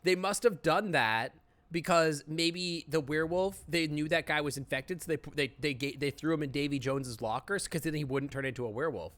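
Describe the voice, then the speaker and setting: A man's voice: a little high, fairly quick, fairly bright tone. A man streaming a game live, chatting, laughing often and reacting on the fly. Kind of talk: live gameplay commentary.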